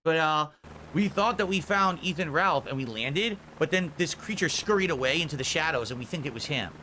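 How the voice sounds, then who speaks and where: A man's voice: a little high, expressive, a little fast, sharp tone, slight background noise. A man hosting a livestream, ranting heatedly with profanity and mockery. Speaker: streamer host. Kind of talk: livestream rant and chat.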